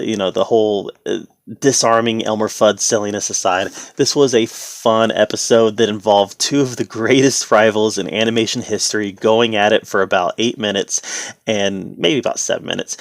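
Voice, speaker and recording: A man giving a casual spoken review, relaxed and conversational, with the odd sarcastic aside. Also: on the low side, normal speed, no room sound.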